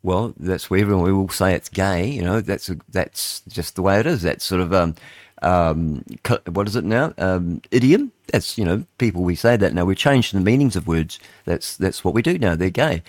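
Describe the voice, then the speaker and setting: Older Kiwi man hosting talk radio, fairly low voice, dry studio sound, rambles and thinks aloud. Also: animated, moderate pace, no room sound. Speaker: radio host. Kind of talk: casual radio chat, reading headlines aloud.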